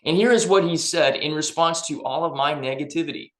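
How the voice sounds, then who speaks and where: An emphatic man gives a motivational talk straight to his listeners in a friendly, conversational tone. His voice sits a little high, and the room around him rings with noticeable echo. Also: fairly quick, a bit bright. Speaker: personal development vlogger.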